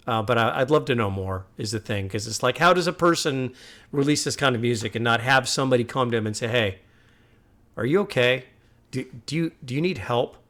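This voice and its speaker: Man, music reaction host, casual commentary, earnest, musing, heated at times, mid-pitched voice. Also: fairly bright tone.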